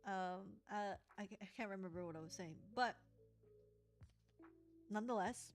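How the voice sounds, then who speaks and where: A young adult woman livestreaming as she crafts, telling a story in a rambling, animated way with laughs. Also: mid-range voice, moderate pace, soft background music. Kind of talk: casual live-stream chat while crafting.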